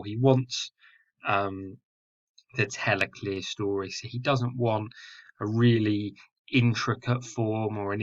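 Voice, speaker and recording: A man's voice: lowish voice, muffled recording. A man teaching a poetry lesson, explaining patiently with fillers and self-corrections. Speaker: English teacher.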